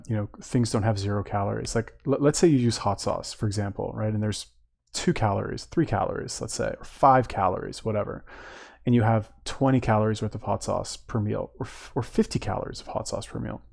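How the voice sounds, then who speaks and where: A man's voice: on the low side, gravelly, darkish tone. A man hosting a reaction video, commenting casually and hesitantly, with lots of ums and trailing thoughts.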